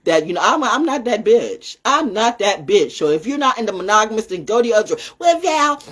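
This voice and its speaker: Female host, husky and lively, cursing freely, loud one moment and muttering the next. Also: brisk. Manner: blunt, profane, swings between loud outbursts and low muttering. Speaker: podcast host. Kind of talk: casual livestream rant.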